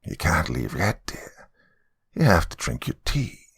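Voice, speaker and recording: A man's voice: low voice, very animated, a little slow, gravelly, a bit bright, breathy edge, heavily acted. A man voicing a frail old woman turned demonic, spitting hatred and taunts in a horror story. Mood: menacing. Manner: hissing, venomous taunting.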